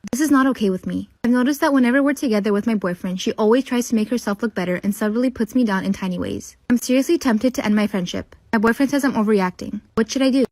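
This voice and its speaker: Woman reading a storytime fast, dry close sound, matter of fact. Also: fairly high pitch, a little mellow, no echo.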